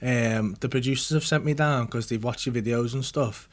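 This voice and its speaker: A man's voice: mid-range voice, normal speed. A man hosting a podcast, telling a sweary story and acting out the other people's lines. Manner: animated, sweary anecdote-telling, acts out quotes. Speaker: comedian and podcast host. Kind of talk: casual storytelling with a studio audience. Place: podcast studio with live audience.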